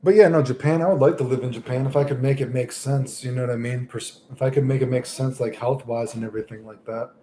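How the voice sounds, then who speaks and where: A man's voice: medium pitch, fairly even intonation, fast, hardly any pauses, warm tone, a little hiss or hum. A young man streaming live, chatting casually and rambling through stories with lots of swearing. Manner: rambling, casual, swears often, many fillers.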